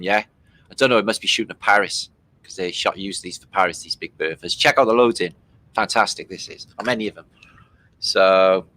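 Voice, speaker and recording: Casual host, male, from Britain; bright tone, loose delivery, swears a lot. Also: fairly low pitch. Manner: loose and chatty, swearing freely, many fillers. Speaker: host commenting on archive war footage. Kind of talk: casual running commentary.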